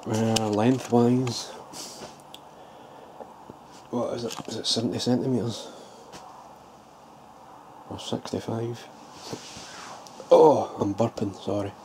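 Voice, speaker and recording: A man's voice: medium pitch, steady tone, takes it slowly, pauses often, darkish tone. A man casually showing his homemade model trailer build, thinking aloud with loose restarts. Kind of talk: casual show-and-tell vlog. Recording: clear background ambience noise.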